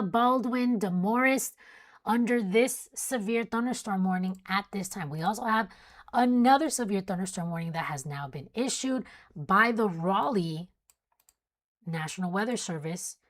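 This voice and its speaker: Young woman, weather stream host, casual and chatty, yawning late at night. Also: on the high side. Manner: chatty, reads warnings then jokes with chat. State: sleepy, yawning. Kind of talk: casual live weather coverage.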